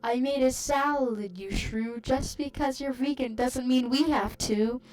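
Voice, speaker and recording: A woman's voice: sits high, measured pace, far from the mic, pitched above the performer's own voice. A woman reading as a furious meat-loving dad. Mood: angry shouting. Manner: shouting indignantly. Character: angry meat-loving father yelling at dinner.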